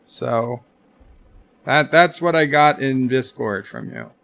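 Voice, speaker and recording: A man's voice: medium pitch, slow pace, creaky, fairly bright tone. A man hosting a livestream in a casual chat-reading style, reading viewers' messages aloud and answering with dry jokes. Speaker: livestream host.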